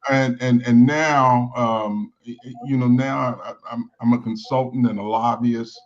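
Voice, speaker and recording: A man from Baltimore, a consultant and lobbyist, talking as a guest on a talk show in a halting way, restarting his words. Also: medium pitch, steady tone, highs cut off. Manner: halting, repeats words as he starts.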